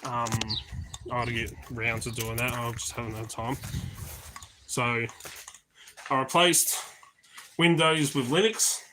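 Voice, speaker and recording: A man's voice: medium pitch, steady tone, a little slow, pauses often, background noise. A man hosting a casual live stream, rambling along with lots of ums and restarts, laid-back and swearing offhandedly.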